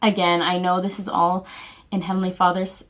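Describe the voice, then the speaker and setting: A woman vlogger speaking in an earnest, heartfelt, halting way as she shares personal family news straight to camera. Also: fairly low pitch, level tone, a bit bright. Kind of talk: personal video announcement.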